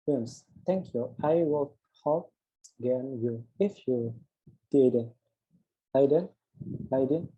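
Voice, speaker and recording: A man's voice: medium pitch, slow, pauses often, slightly rough, phone-quality sound. A young man, a student, reads an interview script aloud and voices both the host and the guest, stumbling and restarting on words. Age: young adult. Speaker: student presenting an assignment.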